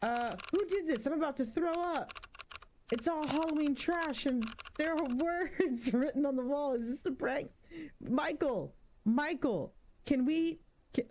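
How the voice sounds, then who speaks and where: A woman's voice: high voice, a little slow. A woman in her thirties doing casual let's-play commentary, joking around and spooking easily. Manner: animated, jokey, easily spooked. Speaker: gaming streamer.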